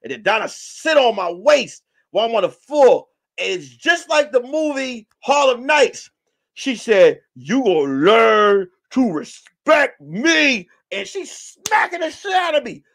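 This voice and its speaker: A man hosting a comedy podcast, telling a rowdy story, shouting, swearing and acting out the voices. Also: very high-pitched, sing-song, unhurried, creaky. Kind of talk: animated comic storytelling.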